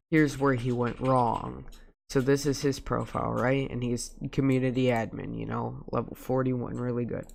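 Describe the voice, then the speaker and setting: A man's voice: medium pitch, vocal fry, darkish tone. A man casually talking over a screen recording, rambling through a story with restarts. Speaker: gaming video creator.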